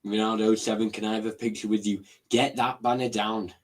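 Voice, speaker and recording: A man co-commentating a live football match on a stream, calling the play with excited, quick remarks between casual chat. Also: fairly low pitch. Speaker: guest co-commentator.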